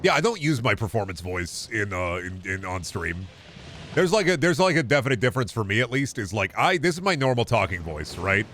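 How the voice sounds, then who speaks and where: A man's voice: fairly low pitch, very animated, a little fast, a bit bright, a little hiss or hum. A young man casually commenting on a game stream, rambling, jokey and profane. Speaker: gaming streamer.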